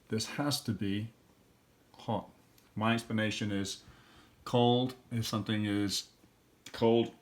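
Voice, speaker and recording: A middle-aged man, an elementary school teacher, walking students through a recorded review lesson and thinking aloud step by step. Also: fairly low pitch.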